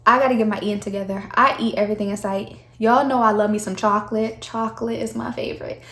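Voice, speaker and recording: A woman's voice: mid-range voice, fairly even intonation, quick pace, a bit bright. A young woman, talking candidly to camera in a casual vlog, her voice a little shaky from the cold. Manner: chatty, candid, addresses viewers as y'all. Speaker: vlogger. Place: chilly room at home. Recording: echoey room.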